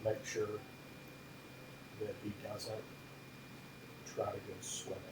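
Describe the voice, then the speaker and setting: He is a fairly low-voiced player at a tabletop game, calm and dry in delivery. He sounds echoey, over steady background noise. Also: slow pace, far from the mic. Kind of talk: tabletop role-play.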